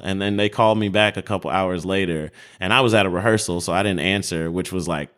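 A man's voice: low voice, fast talker, few pauses, a bit bright. Profane, exasperated man ranting. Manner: profane, exasperated storytelling with acted-out quotes. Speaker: podcast co-host. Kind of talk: heated comedic rant.

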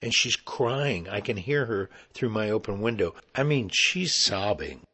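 A middle-aged man, an actor, telling a personal story in an animated, conversational way. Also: lowish voice, a little slow, slightly rough.

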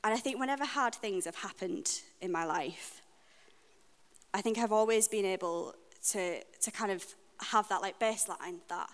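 Earnest woman preaching in a reverberant hall. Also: mid-range voice. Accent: British English. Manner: earnest, personal, reflective with frequent pauses. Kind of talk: sermon. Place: church hall. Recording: long reverb of a church hall.

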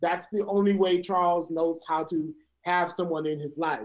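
Lower-voiced woman, measured. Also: fairly even intonation, a little mellow, rough recording. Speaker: podcast co-host. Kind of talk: casual chat about a TV series.

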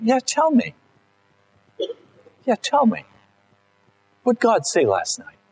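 A preacher voicing a defensive, self-assured male king who makes excuses, pitched high and flippant during a sermon. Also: huge pitch swings, slow pace, gravelly, darkish tone, breathy edge, heavily acted, low-quality recording.

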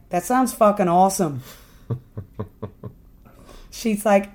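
A young woman street performer telling a lively story, acting out the people in it and swearing freely. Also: mid-range voice, takes it slowly, long pauses. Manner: acts out quotes loudly, swears freely. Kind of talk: animated storytelling.

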